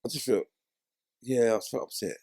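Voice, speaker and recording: A man's voice: medium pitch, normal speed, dry recording, clean studio sound. A man, telling his story in a casual interview and acting out the voices of people in it. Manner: animated, acts out voices in his stories. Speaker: interview guest, former footballer.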